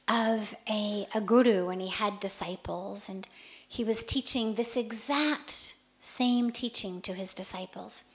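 A woman spiritual teacher hosting a radio talk, telling a parable in an animated way that shifts between hushed and loud passages. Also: medium pitch.

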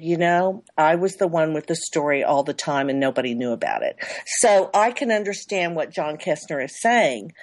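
A woman's voice: fairly low pitch, darkish tone, no echo. A middle-aged woman publicist being interviewed, talking in rambling loops that repeat and restart. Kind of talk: interview guest.

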